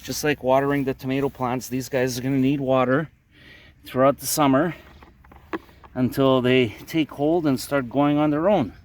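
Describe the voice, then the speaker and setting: A man's voice: medium pitch, steady tone, moderate pace, darkish tone. A man from Canada with a Canadian accent, talking through his day in a casual, rambling vlog outdoors at his garden plot. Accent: Canadian English. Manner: chatty, rambling explanations. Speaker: vlogger.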